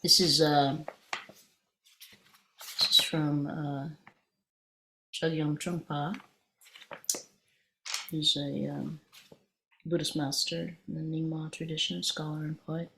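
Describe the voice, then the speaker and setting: A woman's voice: low voice, level tone, slow pace, gravelly, pauses often, background noise. A woman meditation teacher giving a dharma talk, telling a personal story in a conversational, meandering way with frequent restarts.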